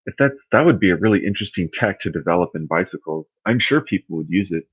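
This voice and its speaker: Deep-voiced rambling man chatting. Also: expressive, brisk, husky, no room sound, lo-fi sound. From California. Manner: rambling, musing, thinks out loud. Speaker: livestream host answering chat. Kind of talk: casual livestream chat.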